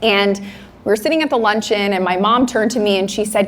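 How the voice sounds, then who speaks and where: A young woman giving a motivational keynote talk on a conference stage, upbeat and chatty and quick to laugh. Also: mid-range voice, a little hiss or hum. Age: young adult. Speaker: keynote speaker. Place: conference stage in a large hall. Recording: echoey hall, faint ambience.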